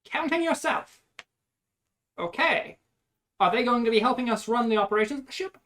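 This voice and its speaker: A woman's voice: on the high side, expressive, normal speed, a bit bright, voice pushed up. A woman voicing a polite young ship's officer who asks the crew questions in an inquisitive way.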